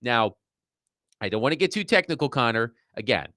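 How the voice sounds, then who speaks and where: Lively-voiced man hosting sports radio. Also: medium pitch, fairly quick, no echo, clean studio sound. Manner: animated, self-described nerd who enjoys digging into numbers.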